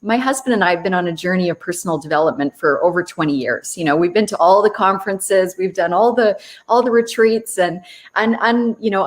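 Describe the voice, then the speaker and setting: A woman who wrote a children's book, talking earnestly and reflectively in an interview over a video call. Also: medium pitch. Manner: earnest, reflective, frequent restarts and laughs. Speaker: children's book author, guest. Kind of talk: conversational interview.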